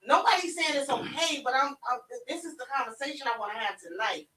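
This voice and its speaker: Brief: firm female co-host, bright high voice, heard from off-mic. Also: lively intonation, quick pace, far from the mic. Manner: firm, insistent, repeats her point. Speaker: podcast co-host. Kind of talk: casual group debate. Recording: echoey room, off-mic.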